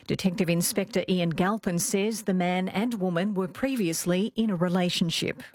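A woman with an Australian accent reading a radio news bulletin in a crisp, measured way. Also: lowish voice, darkish tone. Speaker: newsreader. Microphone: studio microphone, dry.

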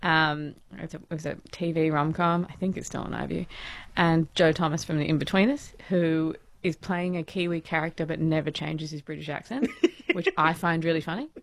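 A low, gravelly-voiced woman talking casually about television as a co-host. She rattles through asides in a chatty way, and the recording is dry and close. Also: fairly even intonation, moderate pace, no room sound. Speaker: podcast co-host.

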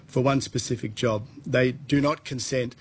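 A man's voice: medium pitch, fairly even intonation, normal speed, husky. A man who leads a voice actors' association speaking firmly and precisely at a hearing. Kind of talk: testimony at a hearing.

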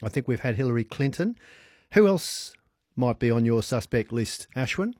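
A man's voice: mid-range voice, sing-song, moderate pace, darkish tone, no echo, clean studio sound. A man hosting a radio quiz, chatty and upbeat, often laughing.

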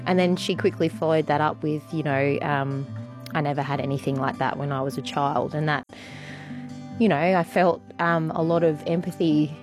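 This is a woman recounting a personal anecdote on the radio, loose and rambling with frequent ums. Her voice is on the low side, and faint music plays underneath. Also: fairly even intonation, normal speed. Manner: warm, rambling, many ums and you-knows. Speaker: radio contributor. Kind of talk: casual storytelling on radio.

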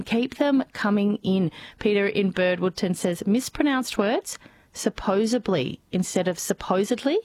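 A woman's voice: medium pitch, darkish tone, dry recording. A woman with an Australian accent hosting breakfast radio, reading out listener messages between time calls. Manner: reads listener messages aloud. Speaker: radio host.

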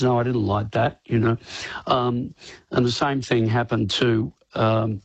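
Husky Australian man, rambling. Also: medium pitch, fairly even intonation, a little slow, no room sound, muffled recording. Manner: rambling, many "you know"s, laughs often. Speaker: rock singer guest. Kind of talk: casual radio interview.

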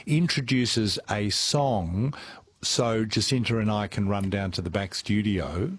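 A man's voice: on the low side, slightly rough. Chatty male radio co-host. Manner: chatty, quick to laugh. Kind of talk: casual radio banter. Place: radio studio.

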